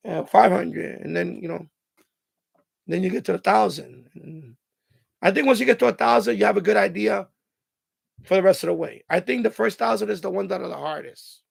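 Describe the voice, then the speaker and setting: A man hosting a live stream in casual chat, his voice raspy and hoarse from hours of talking, giving rambling advice full of "you know" and restarts. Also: high voice, moderate pace, pauses often, no room sound, clean studio sound.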